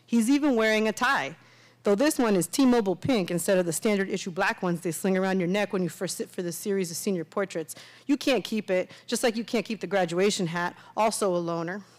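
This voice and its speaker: A woman from Miami, an author reading her own fiction aloud in a steady, conversational way. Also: medium pitch, brisk. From Miami, USA.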